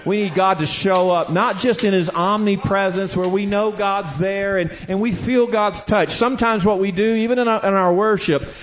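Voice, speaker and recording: A man preaching a sermon with passion, slowing for weight and building to shouts. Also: high-pitched, fairly even intonation, muffled recording, soft background music. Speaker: pastor.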